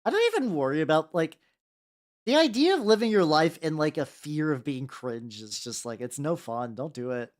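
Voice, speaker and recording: Rambling young man, lively pitch. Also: moderate pace. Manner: rambling, self-deprecating, lots of restarts and fillers. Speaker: VTuber streamer painting miniatures. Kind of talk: casual chat while painting.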